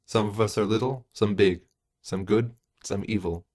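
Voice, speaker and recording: A man doing a weary, brooding man murmuring low. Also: steady tone, normal speed, a little mellow, lightly acted. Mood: subdued.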